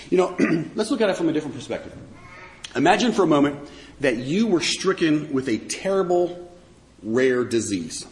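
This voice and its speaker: A man's voice: fairly high pitch, in a large hall. A man giving a conversational sermon as a pastor, with sarcastic asides.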